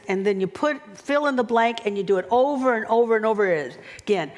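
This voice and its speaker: Female minister, slightly high voice, expressive sermon delivery. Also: brisk, hardly any pauses. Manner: expressive, chant-like repetitions. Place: church sanctuary.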